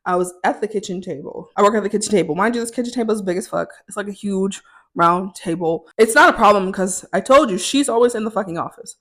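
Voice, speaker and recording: A woman's voice: medium pitch, fast, a bit bright. A young woman telling a story in a vlog, candid and profane, getting more heated as she goes. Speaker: vlogger.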